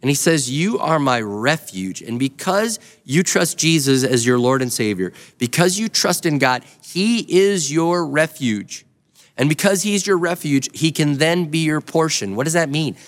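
A man's voice: on the high side, expressive, moderate pace. A male pastor preaching a sermon in a nearly empty building, earnestly urging his listeners to act. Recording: long hall reverb.

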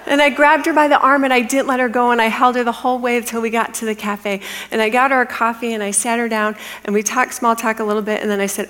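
A middle-aged woman giving a testimony as a sermon, telling her story earnestly and dropping into a hushed whisper for the quiet moments. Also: fairly high pitch, fairly even intonation, quick pace, hardly any pauses. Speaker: women's ministry speaker. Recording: long hall reverb.

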